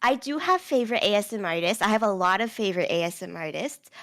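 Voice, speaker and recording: A young woman guest on a casual podcast, sick with a cough, telling stories in an animated, giggly way. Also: mid-range voice, quick pace.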